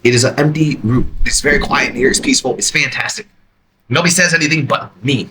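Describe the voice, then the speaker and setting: A man hosting his own podcast, reacting to a clip with emphatic, animated commentary from a quiet, empty room. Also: fast talker, noisy background. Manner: animated, emphatic, jumps to high exclamations. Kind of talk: reaction commentary, casual monologue.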